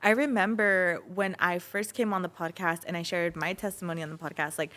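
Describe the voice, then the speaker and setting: A woman's voice: on the low side, fairly even intonation, a little fast, a bit bright. A young woman hosting a casual podcast interview, reacting with short, encouraging interjections and asking questions. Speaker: podcast host. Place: podcast studio.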